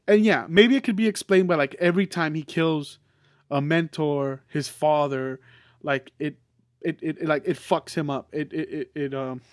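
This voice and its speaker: Podcast guy ranting about a movie, kinda high voice, swears a lot, dry close sound. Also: dry recording. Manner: excitable, swears freely, many fillers and restarts. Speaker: podcast host reviewing a film. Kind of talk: casual spoken movie review.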